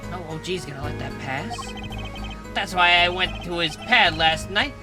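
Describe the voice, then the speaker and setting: A woman's voice: on the low side, lively intonation, normal speed, voice pushed down, close to an everyday voice. A woman voicing a brash young male street tough who talks in boastful slang, reading a game script aloud. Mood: swaggering. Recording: game music playing behind.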